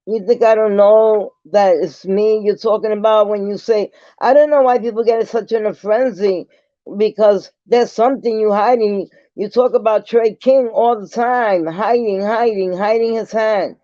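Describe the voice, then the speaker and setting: A man's voice: high-pitched, fairly even intonation, normal speed, warm tone, no echo. A man vlogging an angry, profane rant straight to the camera, repeating himself as he confronts someone. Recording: dull lo-fi sound.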